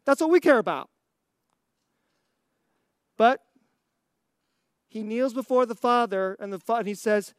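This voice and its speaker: A preacher delivers a sermon at an unhurried pace, drawn out and deliberate. Rhetorical questions come one after another, with a laugh slipped in between points. The voice sounds close and dry, with no room around it. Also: mid-range voice, smooth, no echo.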